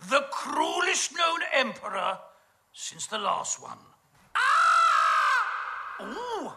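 This comic performer is a British man with a high, creaky voice and a sharp tone. He's working through a camp stage monologue, gossipy and thick with innuendo.

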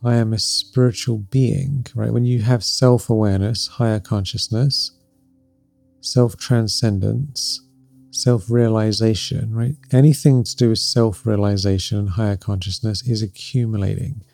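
A middle-aged man speaks in a dry, close, gravelly voice, softly guiding listeners through spiritual ideas as a podcast host. His delivery is reflective and encouraging, and he often checks in with "right?" Faint music runs underneath. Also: lowish voice, fairly even intonation, unhurried, no echo. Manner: gentle, reflective, warmly encouraging, laughs softly between points, often adds "right?". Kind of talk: spiritual teaching talk.

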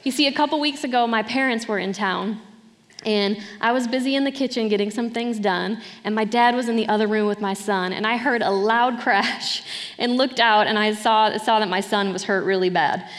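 A woman's voice: medium pitch, normal speed. A woman preaching a sermon in a conversational way, often checking in with her listeners. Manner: conversational, often asks "right?". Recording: hall reverb.

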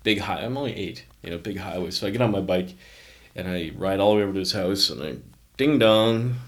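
A man's voice: low voice, a little fast. A middle-aged man from Canada, a company founder, telling stories in a casual interview and acting out the voices of people he quotes. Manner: animated anecdotes, acts out quoted voices.

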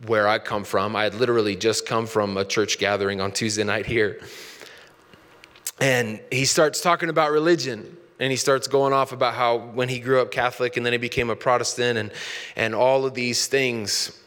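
A man's voice: medium pitch, a bit bright, long reverb tail. A man in his thirties, a pastor, preaching a sermon in a conversational storytelling way that builds into passionate preaching.

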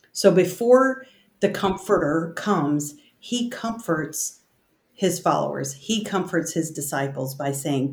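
A woman leading a casual bible study discussion, reading scripture aloud and talking it through in halting, restarting sentences. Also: lowish voice, a little mellow. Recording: roomy echo.

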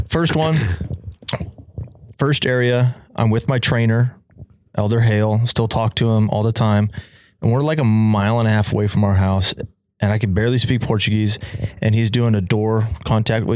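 A young man telling a story in a casual chat, animated and laughing often as he acts out quoted lines. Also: fairly low pitch, moderate pace, no echo, clean studio sound. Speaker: podcast guest telling a story.

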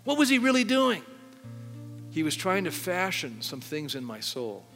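This is a sermon with an altar call, delivered in a church sanctuary by a middle-aged male pastor whose high voice has a sing-song, fairly bright quality at a moderate pace. He talks conversationally and repeatedly questions the congregation, with faint music and long hall reverb in the recording.

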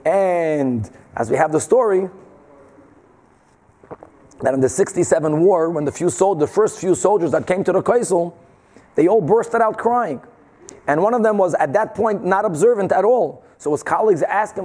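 A man teaching a Talmud class, explaining the Gemara with animated rhetorical questions and Hebrew and Yiddish terms. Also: high-pitched, moderate pace. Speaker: Torah teacher.

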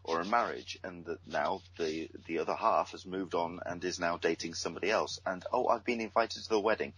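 A man's voice: deep voice, brisk, a bit bright, husky, low-quality recording. A man with an English accent, amused and apologetic in casual podcast chat. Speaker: podcast guest.

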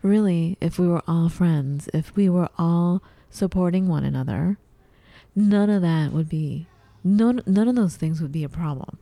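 A woman co-hosting a casual chat, animated, often acting out her own confused reactions in a high voice. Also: a little slow, gravelly, dry recording. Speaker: podcast co-host.

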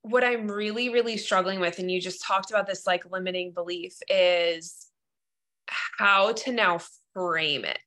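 A woman's voice: on the low side, measured pace, pushed and bright. A woman sharing her writing struggles in a group workshop, talking earnestly and emotionally with many fillers over a video call. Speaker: workshop participant. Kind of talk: casual group discussion.

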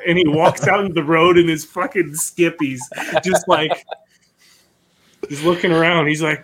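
A man's voice: a little high, fairly even intonation, normal speed, a bit bright. A man telling a rambling, profane story in casual podcast chat, laughing as he goes. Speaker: podcast co-host.

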